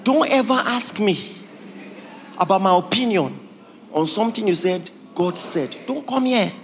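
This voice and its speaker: A man, preaching a sermon as pastor in a humorous, animated way, laughing often. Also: high voice, moderate pace, faint music behind. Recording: long reverb of a hall, faint ambience.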